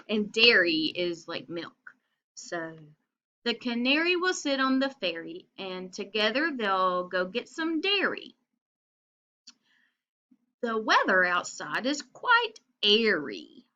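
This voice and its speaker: A woman teaching preschoolers, reading a picture book aloud and slowly coaxing them to find rhyming words. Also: a little high, a bit bright, dull audio. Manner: slow, encouraging, coaxing children to find rhymes. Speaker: pre-K teacher. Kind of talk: children's read-aloud lesson.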